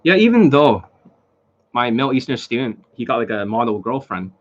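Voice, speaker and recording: A man's voice: medium pitch, sing-song, normal speed. A man talking as a dating coach in an unscripted monologue, rambling and blunt, with frequent profanity and fillers. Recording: dull lo-fi recording.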